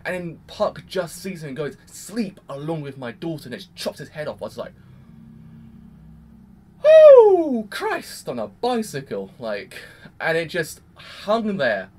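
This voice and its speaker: Rambling, excitable man reviewing anime. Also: a little high, slight background noise. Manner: rambling and excitable, heavy use of "like". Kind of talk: casual episode review.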